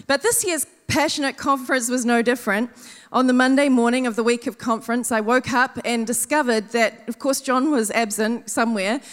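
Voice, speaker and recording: A woman conference speaker gives a storytelling sermon from the stage, animated and self-mocking, acting out her own panic and quoting others. Her high voice moves briskly, with a long reverb trailing behind it in a large hall.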